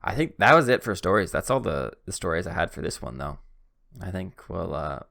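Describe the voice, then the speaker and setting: The voice is a young man's, deep and sharp, with vocal fry and a sing-song lilt, running a little fast. Hosting a podcast, he casually tells a self-deprecating story, plays both parties in the conversation, and trips up and restarts now and then.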